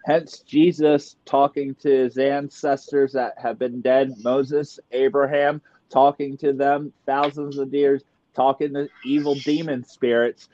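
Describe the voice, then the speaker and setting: A man's voice: medium pitch, level tone, a little slow, hardly any pauses, warm tone, no room sound, muffled recording. A man hosting a podcast, talking emphatically and adding sarcastic asides. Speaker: podcast host. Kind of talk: casual podcast conversation.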